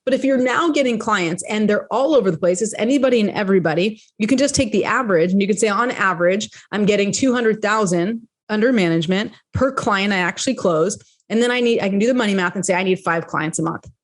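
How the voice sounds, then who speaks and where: Female podcast host, casual coaching talk, lively storytelling, repeats herself while working through an idea. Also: mid-range voice, fast talker. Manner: chatty, animated storytelling with lively quoted voices; repeats and restarts phrases while explaining. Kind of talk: solo podcast teaching.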